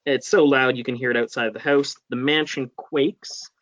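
A man's voice: medium pitch, steady tone, moderate pace, a bit bright, no echo. A man guest on a casual comic-book podcast, talking hesitantly with many fillers and hedges.

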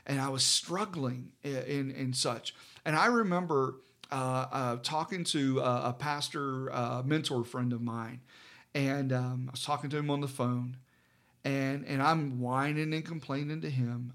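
A middle-aged man, a pastor, telling a personal story in casual conversation, halting with many fillers and restarts. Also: medium pitch, fairly bright tone.

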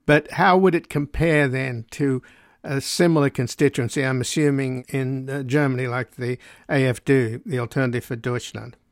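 A man's voice: medium pitch, fairly even intonation, moderate pace, no echo, studio quality. A man hosting a radio interview, asking long, probing questions. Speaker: radio host.

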